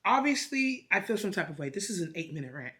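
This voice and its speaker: A woman vlogger telling a story in an animated, profane, emphatic rant. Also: mid-range voice, fast. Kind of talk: casual ranting vlog.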